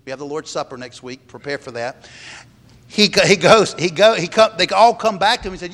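A man's voice: sits high, fairly quick, fairly bright tone. A man, a pastor preaching a sermon earnestly and repeating words as he stresses each point. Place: church sanctuary. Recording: long hall reverb.

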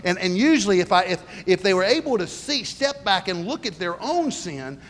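A man's voice: high voice, sing-song, normal speed, fairly bright tone. A middle-aged man, a pastor, preaching a sermon earnestly and with emphasis, often stumbling and restarting. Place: church sanctuary. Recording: long reverb of a large hall.

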